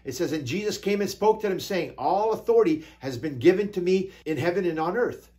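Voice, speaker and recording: A man pastor preaching a sermon, reading scripture slowly with drawn-out emphasis and scattering hallelujahs between points. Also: sits high, expressive, warm tone. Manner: peppers talk with hallelujahs.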